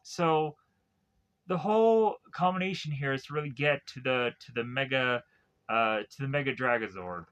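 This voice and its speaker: A man talks through a TV series review, wandering and circling back with frequent fillers. His voice is bright and forward, captured on a tablet with a dull, lo-fi sound. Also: mid-range voice, moderate pace, clear, resonant tone. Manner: meandering, heavy use of fillers and restarts. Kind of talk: rambling casual review. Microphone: tablet recording.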